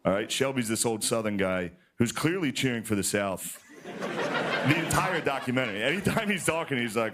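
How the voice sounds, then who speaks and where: Guy doing standup on a tv stage, mid-pitched voice, gets animated and high when he mocks stuff. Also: normal speed. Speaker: stand-up comedian. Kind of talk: stand-up monologue. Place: television studio stage.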